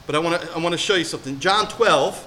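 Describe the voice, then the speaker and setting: A male pastor giving an animated sermon, swinging between hushed and loud delivery and often putting questions to his listeners. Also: fairly high pitch, fast talker, slight background noise.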